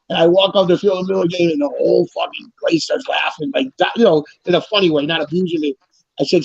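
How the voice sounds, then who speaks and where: A middle-aged man tells his stories at a rapid clip, swearing freely and punching up quoted lines. His voice sits a bit high. The recording is dry and dull, like a lo-fi podcast. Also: lively intonation, vocal fry, breathy edge, no echo. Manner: rambling storyteller, swears freely, acts out quotes loudly. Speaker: guest telling prison stories. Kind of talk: casual chat.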